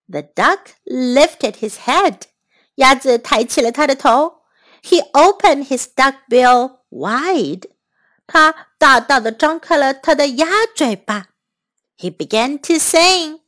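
A woman reading a children's story aloud, switching between English and Chinese lines, slow, clear and patient. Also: sits high, expressive, a bit bright.

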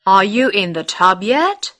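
A woman voicing a mother calling to her son in a children's storybook, read slowly and clearly. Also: mid-range voice, very animated, fairly bright tone. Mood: coaxing. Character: mother, patient but growing cross.

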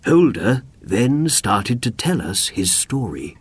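A man narrating a graded-reader story slowly and expressively. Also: medium pitch, dry recording. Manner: slow, clear, expressive. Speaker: audiobook narrator. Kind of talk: scripted narration for learners.

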